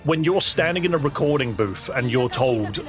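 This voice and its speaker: A man's voice: medium pitch, lively intonation, normal speed, over music. A British man chatting casually and wryly as a live streamer, reacting to a video and laughing often.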